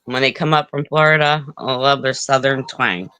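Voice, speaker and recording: A woman from Pennsylvania co-hosting a casual livestream chat, speaking haltingly and often repeating words. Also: extremely low pitch, bright, forceful tone, smooth, no echo.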